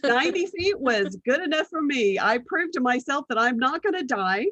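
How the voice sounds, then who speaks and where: Lively storytelling woman, dry close sound. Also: high-pitched, normal speed, dry recording, lo-fi sound. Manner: animated anecdotes, acts out quoted voices, laughs often. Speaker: guest, business strategist. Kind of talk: casual storytelling interview.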